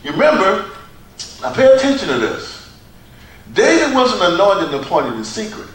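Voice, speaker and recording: A man preaching a sermon in a church, with a preacher's cadence, dramatic pauses and repeated phrases. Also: sits high, huge pitch swings, a bit bright. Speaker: pastor. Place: church sanctuary. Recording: echoey church from far off.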